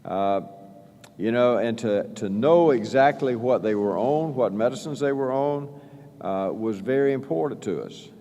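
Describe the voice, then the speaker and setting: A man giving a halting speech as governor at a press event, full of fillers and restarts. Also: mid-range voice, dark tone. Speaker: state governor. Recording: long reverb in a large hall.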